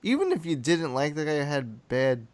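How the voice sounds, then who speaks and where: A man's voice: a little high, big pitch swings, normal speed. A man co-hosting a casual podcast, laid-back and reactive. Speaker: podcast co-host. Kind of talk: casual late-night podcast chat.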